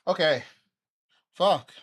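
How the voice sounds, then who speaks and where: A live streamer talks to chat while winded from a round of exercises. The voice sits in a middle register but swings widely, and the unhurried delivery is broken up by sighs and puffs of breath. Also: medium pitch, husky. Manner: animated, sighing and puffing between sentences.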